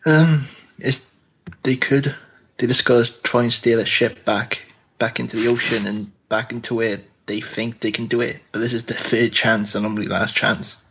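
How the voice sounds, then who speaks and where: A man on a wrestling radio panel giving measured opinions in casual chat. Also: medium pitch, fairly even intonation, fairly bright tone, slightly rough, lo-fi sound.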